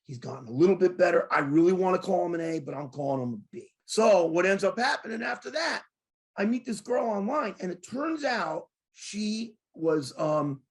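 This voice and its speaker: An excitable man hosts a sports talk show and tells a long story about arguments with fans. His voice sits a little high, and he leaps up whenever he acts out what other people said. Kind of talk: animated storytelling in casual chat.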